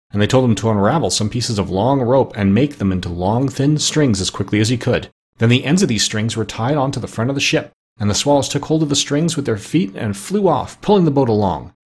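Husky male narrator, mid-range pitch, expressive steady read-aloud for a storybook.

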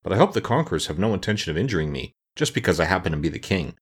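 A man voicing a calm, whimsical straw scarecrow king in a storybook reading, with an unhurried, mildly lofty manner. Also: low-pitched, husky, full character voice. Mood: calm, musing. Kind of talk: audiobook character reading.

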